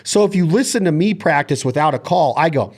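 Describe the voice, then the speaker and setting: A man's voice: a little high, fairly quick. A man hosting a podcast, talking through duck calling technique in long, detailed lists. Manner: energetic, detailed, lists body parts and steps. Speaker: podcast host. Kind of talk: casual instructional chat.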